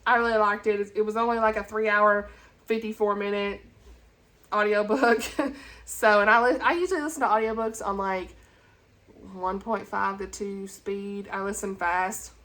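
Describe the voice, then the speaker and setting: A woman from talks to camera in an unscripted, rambling way. She gushes about what she loves and keeps her pitch right in the middle. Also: steady tone, moderate pace, fairly bright tone. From Tennessee, USA. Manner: chatty and rambling, with gushing enthusiasm. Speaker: book vlogger. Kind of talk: casual chat.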